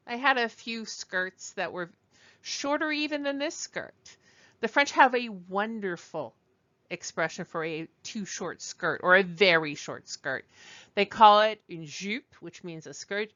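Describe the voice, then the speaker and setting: Slow, bright-voiced woman teacher. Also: mid-range voice, expressive, lo-fi sound. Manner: explanatory, digressive, with fillers and restarts. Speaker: language teacher. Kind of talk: recorded lecture over slides.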